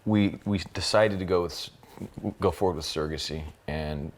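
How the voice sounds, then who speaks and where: Very deep-voiced guy telling a personal story, keeps restarting, repeats words, earnest. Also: normal speed. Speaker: company co-founder interviewed with his wife.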